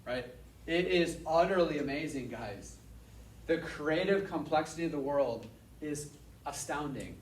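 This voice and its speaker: A man giving a casual Bible lesson to a class, energetic and repeating his points for emphasis. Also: on the high side, a little slow, slight background noise. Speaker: Bible teacher. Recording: echoey room, mic at a distance.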